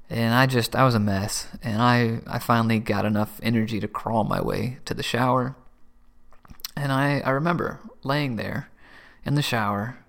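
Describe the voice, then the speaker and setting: A middle-aged man sharing his personal faith testimony in an earnest, emotional way, with soft laughs and words that drop to a whisper. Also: mid-range voice, vocal fry. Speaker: Christian testimony speaker.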